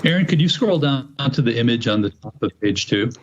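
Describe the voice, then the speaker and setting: A man walks a city plan commission through a zoning presentation. He speaks in a measured, methodical way at an ordinary pitch, with the odd restart. The recording is muffled and lo-fi, as from a public meeting. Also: animated.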